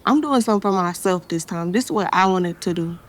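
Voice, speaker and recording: A young woman, chatting casually as an interview guest, relaxed and slangy, laughing often. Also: fairly low pitch, fast. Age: young adult.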